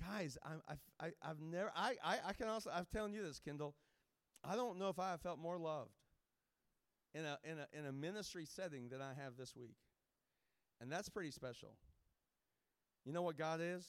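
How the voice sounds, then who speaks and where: A man's voice: a little high, expressive, moderate pace, pauses often. A man speaking as a guest evangelist, giving a jokey, rambling informal sermon to a camp with many restarts.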